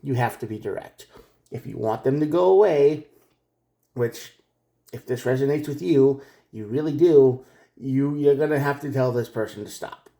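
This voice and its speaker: A man gives a casual tarot reading, speaking straight to the viewer. His voice is mellow and warm at a middling pitch. He rambles, tripping over and repeating his words, with frequent chuckles. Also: moderate pace. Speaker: tarot reader.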